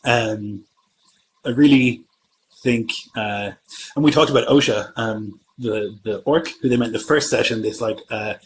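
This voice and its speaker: A man's voice: mid-range voice, measured pace, slight background noise, rough recording. Man rambling casually as a game master. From Germany. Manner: meandering, thinking aloud. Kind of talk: casual livestream chat answering comments.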